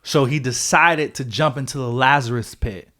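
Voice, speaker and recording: On a casual podcast, a young male co-host with an ordinary medium-pitched voice talks at normal speed. He rambles excitedly through a story, piling on fillers and the occasional swear word, like a buddy catching a friend up.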